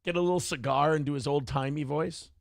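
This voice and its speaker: A man hosting a comedy talk show, loud and profane, laughing and breaking into sung parodies. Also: fairly high pitch, fairly even intonation, a little fast, creaky, no echo, studio quality. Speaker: show host. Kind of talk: crude comedic banter with song parodies.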